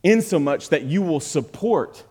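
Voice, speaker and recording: A man preaching a sermon in a high, bright voice, swinging from forceful, emphatic peaks down to quiet, low asides. The sound carries a long reverb from a large church hall. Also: animated, a little slow, husky. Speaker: pastor. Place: church sanctuary.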